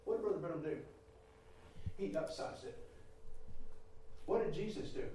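A man preaching a testimony sermon, emphatic, swinging from quiet talk to near-shouting and calling his listeners brother and sister. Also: fairly high pitch, lively intonation, normal speed. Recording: echoey hall from far off, faint noise.

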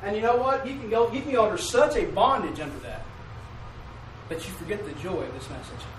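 High-voiced preacher in an echoey church. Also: male voice, lively intonation, recorded from a distance, a little hiss or hum. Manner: preaching call-and-response, asking "Amen?"; drawls mock King James commandments slowly. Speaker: pastor. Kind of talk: sermon. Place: church sanctuary.

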